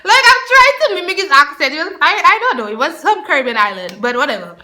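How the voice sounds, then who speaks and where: A woman in her twenties telling an animated story in a casual vlog. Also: sits high, fast. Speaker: vlogger.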